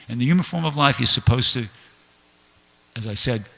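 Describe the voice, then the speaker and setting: A man's voice: medium pitch, moderate pace, vocal fry, pushed and bright. A man giving a conversational, earnest scripture class in a temple hall, reading and explaining quotes. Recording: reverberant hall.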